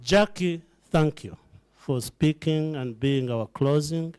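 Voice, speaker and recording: Man, middle-aged, charity founder; speaks slowly and clearly, with a preacher's fervor to the room. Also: fairly high pitch, darkish tone. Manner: preacherly, addresses the crowd directly, building to fervent peaks. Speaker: charity founder addressing donors. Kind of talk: emotional fundraising speech. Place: event hall before a live audience.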